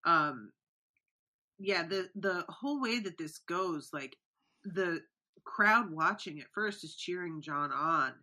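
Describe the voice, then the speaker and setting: Woman co-host, lowish bright voice, relaxed, reads excerpts aloud. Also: takes it slowly. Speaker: podcast co-host. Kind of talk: casual book discussion and reading aloud.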